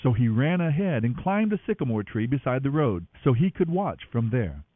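An expressive man reading scripture with a lively, rising and falling delivery. The recording is dry and narrow, like it comes through a telephone. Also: medium pitch, moderate pace, no echo. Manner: expressive, voices each speaker. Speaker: Bible reader. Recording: dry, tinny phone-like sound.

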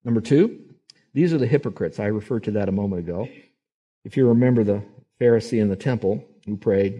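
A man preaching a sermon as a pastor, emphatic and quick to act out the people he quotes. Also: on the low side, dark tone, breathy edge, muffled recording. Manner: emphatic, acts out quoted voices.

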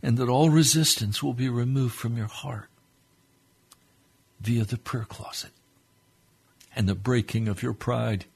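Radio preacher, male, husky and gravelly, fervent pleading prayer delivery. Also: mid-range voice, steady tone, unhurried, long pauses, a little mellow. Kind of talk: sermon prayer.

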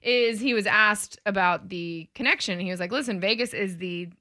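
Bright teasing female radio co-host. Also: mid-range voice. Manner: teasing, quick back-and-forth. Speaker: radio sports talk co-host. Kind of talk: casual sports radio chat.

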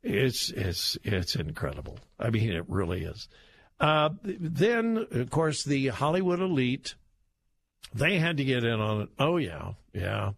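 His voice is medium-pitched, with big pitch swings and vocal fry, as this male radio host mocks and laughs through political commentary. He stretches words for emphasis, speaking into a studio microphone in a radio studio.

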